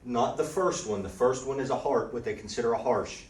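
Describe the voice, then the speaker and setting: A man teaching a language class in a relaxed way, often checking in with the students by asking "okay?". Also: medium pitch, brisk. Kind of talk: classroom lesson. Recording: roomy, distant audio with faint background ambience.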